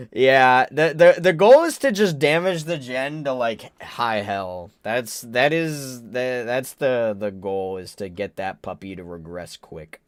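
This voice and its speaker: Animated young man streaming, casual and blunt. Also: mid-range voice, measured pace, few pauses, dry recording, clean studio sound. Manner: rambling, stammering, blunt and joking. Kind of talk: casual livestream chat.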